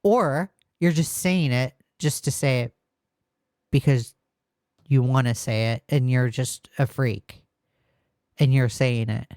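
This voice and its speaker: A woman's voice: extremely low pitch, slow pace, pauses often, a little mellow, no room sound, clean studio sound. A woman hosting a casual reaction commentary, sounding exasperated and rambling, often restarting her sentences. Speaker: commentary host.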